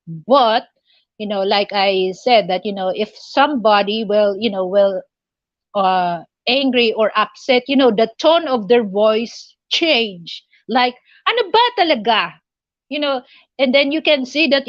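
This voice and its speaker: A Filipino woman whose first language is Tagalog, hosting a casual live chat, speaking haltingly with many fillers and little chuckles. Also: medium pitch, no room sound, muffled recording. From Philippines. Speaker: livestream host.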